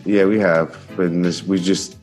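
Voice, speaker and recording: A man's voice: low-pitched, steady tone, normal speed, darkish tone, soft background music. A laid-back man co-hosting a podcast, teasing his partner and laughing often. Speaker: podcast co-host. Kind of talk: casual chat.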